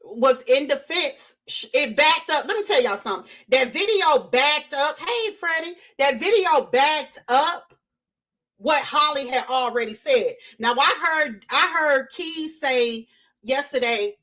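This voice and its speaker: A woman hosting a casual live-stream, talking straight to her chat in an animated way and repeating her points for emphasis. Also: sits high, unhurried. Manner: animated, repeats herself, addresses chat directly. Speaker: livestream host.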